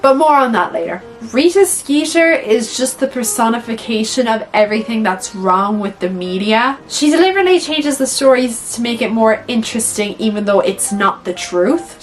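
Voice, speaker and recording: Young female vlogger, higher pitch, animated and blunt with frequent swearing and "like"; quiet music bed. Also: poor audio. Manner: animated and blunt, swears freely, says "like" a lot. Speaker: YouTuber. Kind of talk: casual movie-ranking chat.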